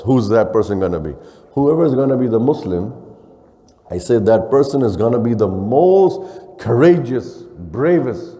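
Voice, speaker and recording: A man's voice: medium pitch, warm tone. A man with a preaching a sermon as imam, mixing in phrases, asking rhetorical questions and acting out quotes. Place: mosque hall. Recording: long hall reverb.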